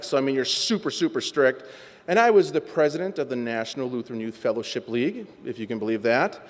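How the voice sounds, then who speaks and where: Man telling his story in a reverberant hall. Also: on the high side. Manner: animated, self-mocking storyteller who acts out quotes. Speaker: recovery meeting speaker. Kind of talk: personal recovery story told to a meeting. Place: meeting hall. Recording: long reverb from a large hall.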